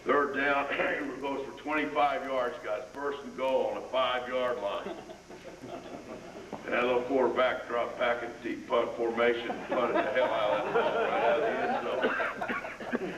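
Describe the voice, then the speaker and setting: Folksy older coach, distant and roomy. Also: male voice, medium pitch, normal speed. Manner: folksy yarn-spinner, barks drill commands. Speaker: football line coach. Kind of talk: storytelling and on-field coaching demo. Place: outdoors on a practice field. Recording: roomy, distant camera audio with noise.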